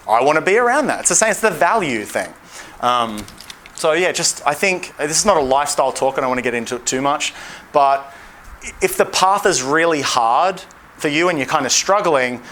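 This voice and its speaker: A man's voice: a little high, pushed and bright, a little hiss or hum. A young Australian man giving a seminar talk as a dating coach, blunt and profane, acting out quotes in a livelier voice. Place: seminar room.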